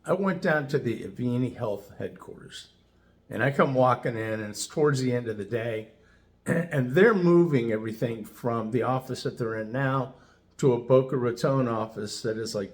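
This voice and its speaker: A man with a mid-range voice and moderate pace casually recounts a personal story as a customer testimonial. He's chatty, enthusiastic and animated, using lots of "you know" fillers.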